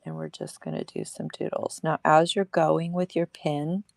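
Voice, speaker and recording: A woman's voice: deep voice, very animated, normal speed, vocal fry, no echo. A woman hosting a casual livestream craft demo at her table, chatty and laughing at herself.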